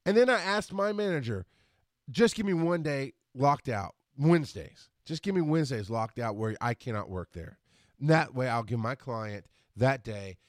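A man hosting a solo podcast, ranting with frustration and profanity, rushing his words and then reining himself in. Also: high-pitched, dry recording, clean studio sound. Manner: frustrated, profane, talks fast then slows down. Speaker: podcast host.

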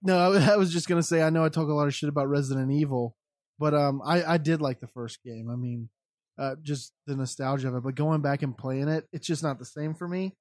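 A man chats as a guest on a gaming podcast, laughing often. His voice sits a bit high for a man, and the sound is dry and close. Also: a little fast, a little mellow, dry recording. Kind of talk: casual chat.

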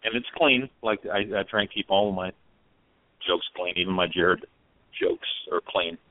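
A low-voiced man at a moderate pace trades loose, casual jokes on a motorcycle radio show he co-hosts, restarting his lines often as he stumbles. Sound quality is narrow-band and dry, much like a phone.

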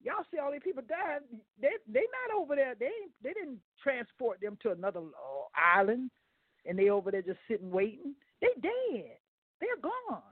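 A man's voice: very high-pitched, big pitch swings, moderate pace, breathy edge, no room sound. Male guest preacher, folksy radio sermon, thin phone-line sound, dry. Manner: folksy, stumbles over words, talks to the listeners.

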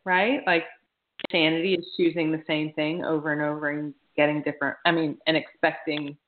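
A woman's voice: sits low, little pitch movement, a little fast, slight background noise. A woman co-hosting a podcast in casual chat, thinking aloud and correcting herself as she goes. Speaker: podcast co-host. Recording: tinny phone-like sound.

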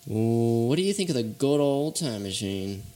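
A man's voice: mid-range voice, expressive, a little slow, mellow. A man hosting a comedy talk show, trading laid-back, dryly joking banter with his guest. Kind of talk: casual comedic chat.

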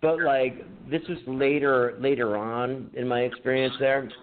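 A man's voice: medium pitch, steady tone, a little slow. A man co-hosting a podcast, telling a rambling, profane story in casual chat, laughing as he goes. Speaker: podcast co-host. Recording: tinny phone-like line with faint hiss.

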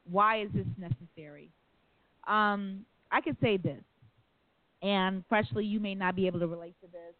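A woman's voice: medium pitch, moderate pace, dry recording. A woman hosting a call-in radio talk show, telling stories in an earnest, rambling way. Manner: earnest storytelling, rambling asides. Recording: phone-like, dry sound.

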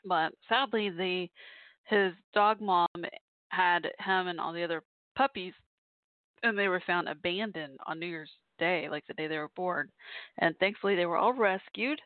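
A woman with a lowish voice hosts a call-in podcast as its DJ, talking at normal speed. Her casual solo chat rambles with fillers and asides, recorded dry over a tinny, phone-like line.

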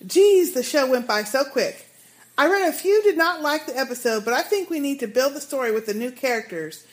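A woman with a high voice co-hosts a relaxed fan podcast. She reads listener emails aloud and breaks in with animated comments of her own. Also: brisk. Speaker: podcast co-host. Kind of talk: casual chat, reading listener emails.

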